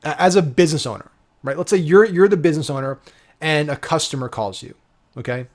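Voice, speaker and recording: In a slightly high, somewhat mellow voice and at a fairly quick pace, a male digital marketing coach delivers an informal, emphatic marketing lesson, frequently asking "right?" and cursing offhandedly.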